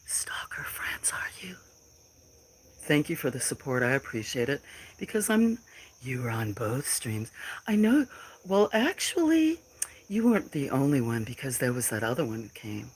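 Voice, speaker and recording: A woman's voice: rumbling low, very animated, a little fast, darkish tone, slight background noise, poor audio. A middle-aged woman on a casual phone livestream, talking back to trolls in chat in a defiant, emotional way. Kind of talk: casual live stream talk to chat.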